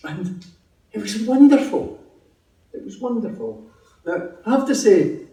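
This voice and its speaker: A man's voice: a little high, warm tone, echoey room, distant mic, low-quality recording. A Scottish man giving a personal testimony at a meeting, telling his story in a chatty, humorous way. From Scotland. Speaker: testimony speaker.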